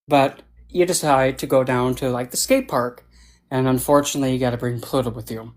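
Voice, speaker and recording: A man's voice: mid-range voice, steady tone, fairly quick. A man on a video call, a panelist telling playful, jokey stories and acting out the voices. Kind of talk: casual panel talk.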